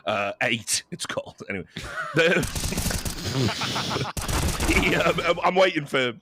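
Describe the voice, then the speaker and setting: Rambling caster with game noise. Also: male voice, fairly high pitch, sing-song, slow pace. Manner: rambling, self-mocking storyteller. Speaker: esports caster. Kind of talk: casual commentary banter.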